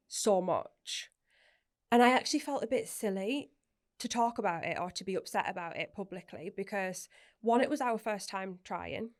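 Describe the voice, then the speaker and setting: A woman speaks openly as a podcast guest. Her talk is chatty and unguarded, broken up by quick laughs and the odd casual swear word. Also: mid-range voice. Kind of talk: candid personal interview.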